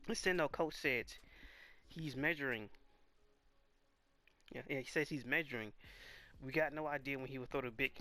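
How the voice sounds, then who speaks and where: A man's voice: mid-range voice, pushed and bright, a little hiss or hum. Stammering man narrating anime fight. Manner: stammering, restarting, reading subtitles aloud. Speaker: video host reacting to a boxing anime. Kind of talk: casual narrated watch-along.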